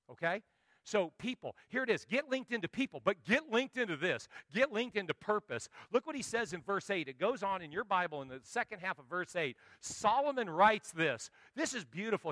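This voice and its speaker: Middle-aged man, pastor preaching a sermon, bright tense voice, slightly high, acts out quoted voices, dry sound. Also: no room sound. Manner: animated, acts out quoted voices, swings from quiet to loud.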